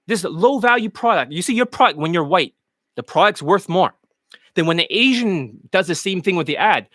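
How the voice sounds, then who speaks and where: A man's voice: high voice, very animated, normal speed, fairly bright tone, no echo. A man who coaches dating, delivering a heated, mocking monologue full of swearing. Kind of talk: profane ranting monologue.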